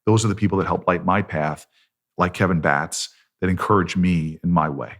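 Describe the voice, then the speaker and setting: A middle-aged senator speaks in a low-pitched, steady tone at a moderate pace. Appearing on a podcast, he relates a personal story conversationally, earnest and self-deprecating.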